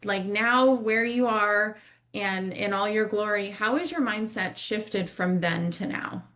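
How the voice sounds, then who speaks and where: A woman hosting an interview podcast. She speaks in a measured, reflective manner and takes her time with her questions. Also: medium pitch, fairly bright tone. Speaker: podcast host.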